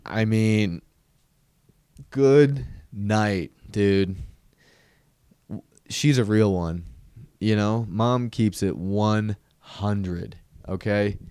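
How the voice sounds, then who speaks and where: A young man hosting a podcast, telling a comedic story with animated, exasperated outbursts. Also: on the low side, very slow, long pauses, smooth, no echo, clean studio sound. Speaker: podcast host.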